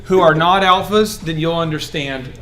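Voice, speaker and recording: Animated high-voiced male business coach. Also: normal speed, crowd noise. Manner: animated, joking, acts out quoted voices. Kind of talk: coaching workshop talk.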